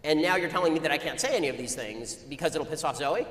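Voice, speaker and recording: A man talks at a breakneck clip, spinning an argumentative anecdote for an audience. His voice sits a little high and rings through a large, reverberant hall, with faint ambient noise behind. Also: lively intonation, fairly bright tone. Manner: rapid-fire, argumentative storytelling. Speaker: speaker addressing an audience. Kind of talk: anecdotal public talk.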